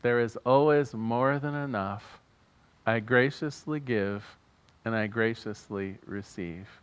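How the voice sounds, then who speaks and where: A man's voice: mid-range voice, takes it slowly, clear, resonant tone. Earnest man leading a church prayer. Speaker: minister. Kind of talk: sermon and prayer. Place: church service.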